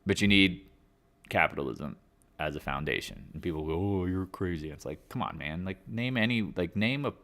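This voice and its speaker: His voice sits low, animated and fairly bright, at a moderate pace. The man runs a casual live market commentary stream, drifting into tangents and slangy asides.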